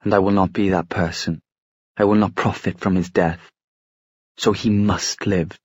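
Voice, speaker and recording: A man's voice: low voice, steady tone, moderate pace, slightly rough, no room sound, lo-fi sound. A man voicing an intense, reckless young shadow hunter in an audiobook, pleading and earnest.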